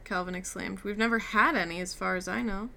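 Gravelly woman reading a story aloud. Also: medium pitch, steady tone, fairly quick, sharp tone, a little hiss or hum. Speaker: reader. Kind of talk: audiobook reading with character dialogue.

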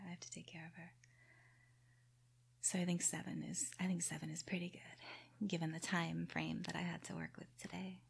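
A hoarse woman talking softly and directly to her listeners, mostly in a whisper. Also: on the low side. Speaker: audio creator.

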